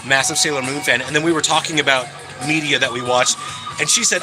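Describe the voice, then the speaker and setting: A man's voice: medium pitch, steady tone, fast talker, music in the background, a crowd in the background, rough recording. A man chatting casually and cheerfully on a live stream, answering his viewers as he goes. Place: hangout spot in California.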